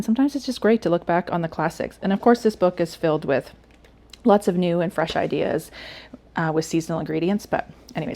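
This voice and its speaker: A woman with a warm, mellow voice hosts her own cooking video. She chats casually and with plain enthusiasm about what she bakes, sometimes talking through a bite of food. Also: mid-range voice. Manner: talks while eating. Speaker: cooking channel host.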